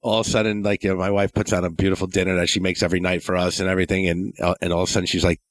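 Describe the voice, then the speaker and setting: A man's voice: low-pitched, little pitch movement, rapid-fire, no echo. A man hosting a podcast, talking in a loose, profane, rambling way with many fillers. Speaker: podcast host. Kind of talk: casual podcast chat.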